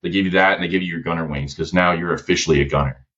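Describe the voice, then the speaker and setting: Low-voiced male guest, casual slangy storyteller, muffled recording. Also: rapid-fire. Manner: relaxed, slangy, many fillers. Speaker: podcast guest, veteran. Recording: dull lo-fi audio.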